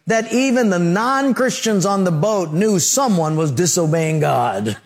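A male pastor preaching a sermon, telling vivid stories with lively emphasis. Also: sits high, a little slow, hardly any pauses. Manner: animated storytelling preacher.

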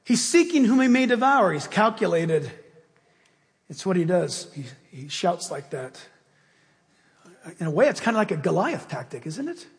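Animated, gravelly-voiced male preacher. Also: high voice, normal speed, long pauses. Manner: animated, conversational, acts out the story characters. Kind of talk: sermon. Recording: long hall reverb.

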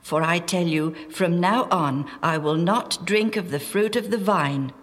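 A woman voicing a calm, gentle adult male teacher in a measured tone, in a read-aloud Bible story. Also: fairly low pitch, long reverb tail, close to an everyday voice.

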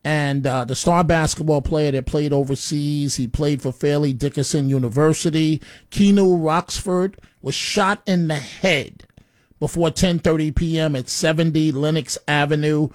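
A man's voice: a little high, steady tone, moderate pace, no echo, studio quality. A man hosting a talk radio show, brash and opinionated. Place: radio studio.

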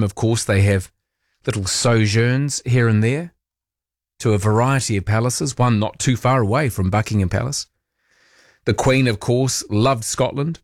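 A man's voice: mid-range voice, dry recording. A male late-night radio host, chatty and opinionated, tossing off sarcastic asides. He speaks close to the studio mic, so his voice sounds dry and direct. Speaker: radio talk show host.

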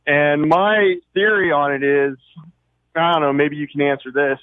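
A man's voice: a little high, steady tone, moderate pace, no echo. Earnest male caller on a tinny phone line. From Oregon, USA. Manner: earnest, rambling. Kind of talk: phone-in call.

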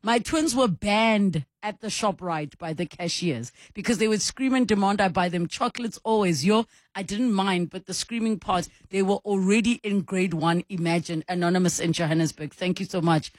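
A South African woman hosts a radio call-in show from a dead, dry studio. She chats easily, reads listener messages aloud and reacts to them, her voice sitting at a middle pitch. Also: moderate pace, hardly any pauses, dry recording. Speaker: radio talk show host.

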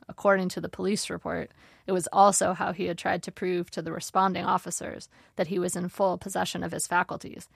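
A woman reading her own memoir aloud in a dry, measured storytelling manner. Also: on the low side, gravelly, no echo. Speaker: narrator.

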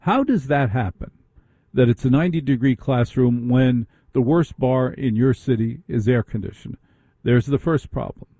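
A man's voice: mid-range voice, moderate pace, warm tone, no echo. A man hosting a radio talk show, ranting through a monologue full of rhetorical questions.

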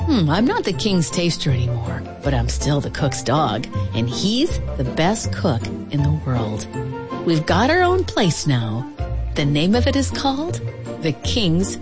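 A woman reading a children's storybook aloud in an expressive, playful way, slowing down for effect. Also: deep voice, music in the background.

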